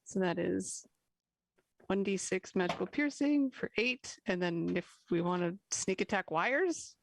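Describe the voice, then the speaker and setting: A woman's voice: lowish voice, animated, measured pace, creaky, slight background noise. A woman playing a tabletop game, bubbly and giggly, describing her moves with animation. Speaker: player.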